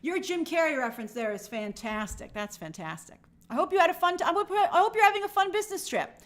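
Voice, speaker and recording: A woman's voice: very high voice, animated, fast talker, a bit bright. A woman hosting a live stream, chatting casually and greeting viewers by name in an upbeat, friendly way.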